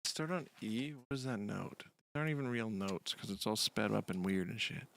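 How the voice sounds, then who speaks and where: A woman's voice: rumbling low, lively intonation, moderate pace, vocal fry. A playful woman chatting casually and laughing as she reacts to a song and practices along with it. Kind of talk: casual chat reacting to music. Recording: loud music playing over the voice. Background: loud music.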